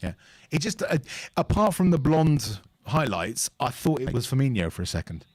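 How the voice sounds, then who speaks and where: A man's voice: mid-range voice, very animated, normal speed, a little mellow, breathy edge, dry recording. Chatty man commenting on a live match. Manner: chatty, opinionated analysis. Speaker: fan channel co-host.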